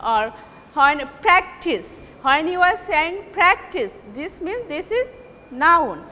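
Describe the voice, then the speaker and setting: A woman teacher with a Bangladeshi accent giving a recorded English lecture, repeating and stressing example words deliberately. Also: high-pitched, sing-song, sharp tone, big-room sound.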